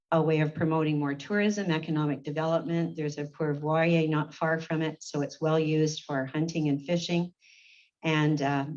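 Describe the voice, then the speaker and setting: A woman serving as warden, chairing a formal council meeting in a brisk, procedural way and calling the roll. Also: low voice, a little mellow. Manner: brisk, procedural, reads names in a roll call. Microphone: meeting-room microphone on a livestream. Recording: dull lo-fi livestream audio.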